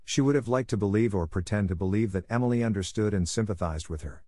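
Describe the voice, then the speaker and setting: Male audiobook narrator for a classic novel, low voice, dry close sound. Steady storytelling. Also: fast talker, dry recording.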